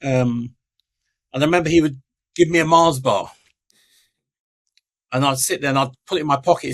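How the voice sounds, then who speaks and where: A man's voice: mid-range voice, normal speed, long pauses, a bit bright. A middle-aged man, a podcast guest telling his life story and acting out the voices of the people in it. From England.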